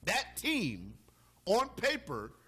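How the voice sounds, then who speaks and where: Fired-up, bright-voiced sports radio man. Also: high-pitched, very slow, breathy edge. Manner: animated, emphatic, fired-up arguing; talks straight to listeners. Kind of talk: sports talk radio monologue.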